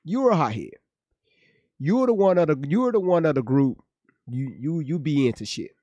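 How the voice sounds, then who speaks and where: A man's voice: on the high side, very animated, moderate pace, mellow, dry recording. A male streamer giving blunt, profane live commentary on a clip, often repeating his words as he thinks aloud. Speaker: streamer reacting to clips.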